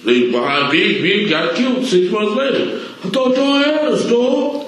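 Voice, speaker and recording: A man being questioned in a recorded police interview, telling stories in an animated, profane way and acting out what others said. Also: high voice, a little slow. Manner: animated storytelling, heavy profanity, acts out quotes. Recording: echoey room, faint hiss.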